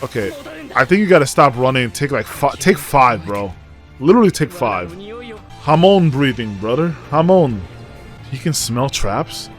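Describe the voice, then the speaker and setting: A man hosting a casual anime reaction, excitable and slangy, exclaiming at the screen. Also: medium pitch, moderate pace, soft background music. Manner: slangy, says dude and bro a lot. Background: anime audio playing faintly.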